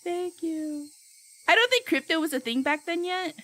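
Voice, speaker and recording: Giggly high-pitched young streamer woman. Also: lively intonation, moderate pace. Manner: giggly and playful, reacting loudly to chat. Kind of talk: casual live-stream chat.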